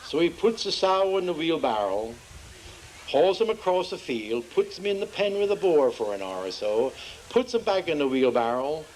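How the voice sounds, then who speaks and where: Performing homespun jokes for an outdoor festival audience, this man acts out the dialogue as he goes, shifting his pitch for the characters. His delivery is sing-song at a moderate pace with a darkish tone, on poor audio with slight background noise.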